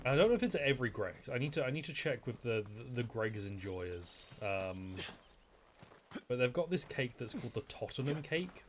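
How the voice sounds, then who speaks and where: A man's voice: medium pitch, lively intonation, moderate pace, slight background noise. A man, streaming a game and chatting in a joking, rambling way, with plenty of swearing. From England. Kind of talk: casual gaming commentary.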